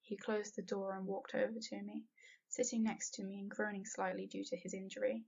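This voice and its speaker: Woman reading a first-person fanfic, breathy and husky, dull lo-fi home mic. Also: medium pitch, flat delivery, normal speed. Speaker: fanfiction reader.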